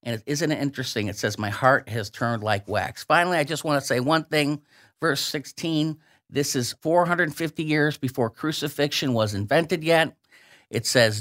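A man speaking as a guest on a radio talk show, reading and explaining scripture verses with slow, emphatic delivery. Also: a little high, a bit bright.

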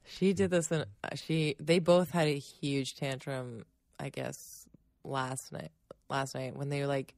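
A woman with a low-pitched voice chats about parenting her young children, laughing often as she tells her stories. The recording is dry and close. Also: little pitch movement, unhurried, a little mellow, no room sound. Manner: chatty, laughs often while telling stories. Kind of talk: casual chat.

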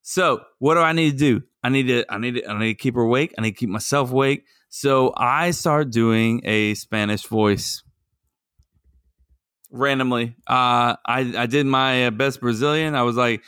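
Playful dad podcast host. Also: male voice, medium pitch, normal speed, a bit bright, clear, resonant tone, dry recording, studio quality. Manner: playful, jokey storyteller. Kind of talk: casual podcast chat.

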